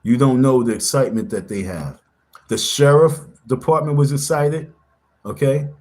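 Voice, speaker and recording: A man's voice: mid-range voice, normal speed, a little mellow. A man hosting a casual livestream, talking in an insistent, confrontational way and repeating himself for emphasis. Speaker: livestream host.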